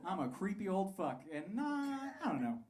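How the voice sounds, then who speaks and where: A man in his thirties doing a crude, animated stand-up set on a comedy club stage, laughing through his punchlines. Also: high-pitched, moderate pace. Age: 30s. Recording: live club recording, crowd and room noise.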